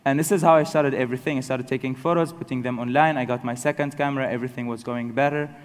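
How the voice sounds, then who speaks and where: A young man giving a personal storytelling talk to an audience, halting and self-correcting but good-humored. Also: medium pitch, fairly even intonation. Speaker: speaker telling his story to an audience. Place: large hall with an audience. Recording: long hall reverb.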